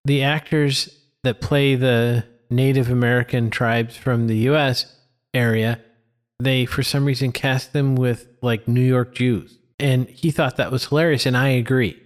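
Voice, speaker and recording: A man's voice: mid-range voice, steady tone, moderate pace. A man co-hosting a casual film podcast, making wry, joking asides. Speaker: podcast co-host.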